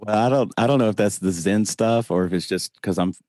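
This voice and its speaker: A man from the American South with a Southern accent, a podcast guest talking slowly and unhurriedly with self-deprecating humor. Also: lowish voice, darkish tone. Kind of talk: casual interview chat.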